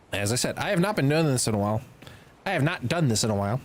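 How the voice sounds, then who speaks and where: Animated streamer, lively pitch swings. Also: moderate pace, creaky. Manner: animated, rambling self-talk with sudden exasperated outbursts. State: throat slightly tickled. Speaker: live streamer playing a game. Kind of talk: casual gameplay commentary on a live stream.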